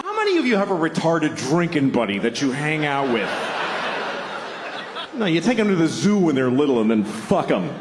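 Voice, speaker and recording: Man, stand-up comedian, profane rant, slightly high voice, echoey club, loud audience. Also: normal speed, background noise. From Boston. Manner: ranting, profane, animated. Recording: roomy club with audience laughter.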